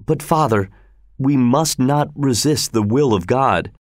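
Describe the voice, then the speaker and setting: A man's voice: mid-range voice, expressive, a little slow, no room sound, clean studio sound, voice pushed up, natural voice. A man voicing a selfish young nobleman who speaks with false devotion, in an audiobook story. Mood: falsely earnest.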